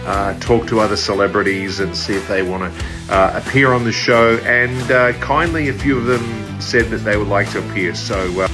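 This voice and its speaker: A comedian doing a booming announcer, very loud, slow stretched hype, low-pitched man. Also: over music, close to an everyday voice. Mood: hyped.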